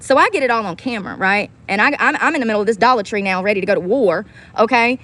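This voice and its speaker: Casting: fired-up woman livestream host, higher voice, blunt and profane, faint noise behind. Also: fast talker, pushed and bright. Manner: heated, profane, repetitive. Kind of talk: casual livestream rant.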